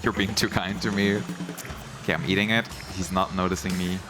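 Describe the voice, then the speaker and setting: Deep-voiced excitable man presenting a game. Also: a little fast. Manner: chatty, excitable, often laughing. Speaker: event stream presenter. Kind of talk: casual game commentary. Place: game event booth. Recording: game music playing behind. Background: game music.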